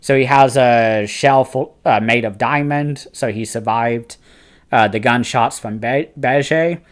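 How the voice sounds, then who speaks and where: A man's voice: mid-range voice, takes it slowly. A man hosting a manga review channel, talking through a casual spoken review in an eager, chatty way with frequent fillers and restarts. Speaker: host of a fantasy book and manga review channel.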